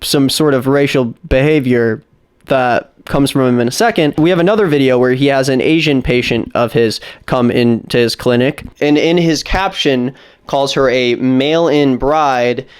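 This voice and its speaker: A man's voice: medium pitch, normal speed, clean tone. A man giving a blunt, indignant commentary on a video. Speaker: commentary YouTuber. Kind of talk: casual commentary.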